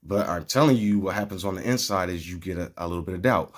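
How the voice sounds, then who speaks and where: A man's voice: sits low, fast. A man speaking in an earnest, meandering spiritual monologue that moves from a cartoon retelling into preaching.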